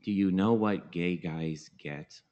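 A man's voice: low-pitched, warm tone, muffled recording. A man putting on the voice of a hesitant middle-aged man who talks like an old-time comic wiseguy. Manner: halting, stammering, comic wiseguy voice.

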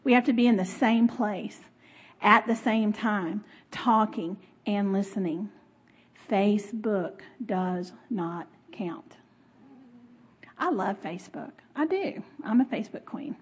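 A middle-aged woman giving a conversational sermon, expressive, laughing often and talking with the audience. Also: mid-range voice, moderate pace, slightly rough. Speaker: speaker.

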